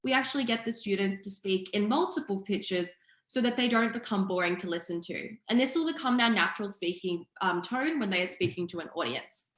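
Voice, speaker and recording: Young woman, public speaking teacher, mid-pitched, clear and steady explainer; echoey room over a video call. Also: brisk. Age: young adult. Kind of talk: online seminar presentation.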